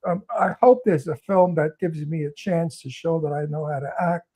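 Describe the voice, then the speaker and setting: A man's voice: on the high side, moderate pace, dark tone, husky. A man with a Brooklyn accent, an actor guest talking bluntly and emphatically in a talk show interview.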